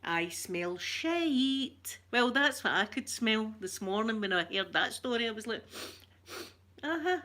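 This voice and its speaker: A Scottish woman hosts an ASMR channel's live stream, her slightly high, sharp voice moving a little fast with barely any pauses. She rambles and jokes, greeting viewers by name.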